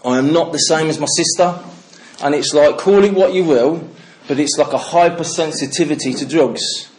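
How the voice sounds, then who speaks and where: Middle-aged man from the Midlands, slightly high voice, blunt sweary storyteller sharing his recovery story. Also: normal speed, darkish tone. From English Midlands. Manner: candid, swearing, storytelling with laughs. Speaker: recovery speaker. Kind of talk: personal testimony to a meeting.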